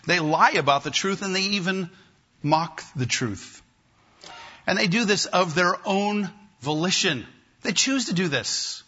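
A male pastor preaching a sermon to his congregation, emphatic and repetitive, with slow deliberate pauses. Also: sits high, lively intonation, sharp tone, breathy edge. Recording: dull lo-fi sermon recording.

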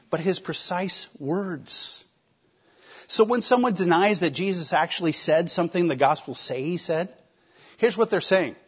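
A man preaching a sermon, emphatic, with rhetorical questions and shifting loudness. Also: on the high side. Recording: slightly dull lo-fi recording.

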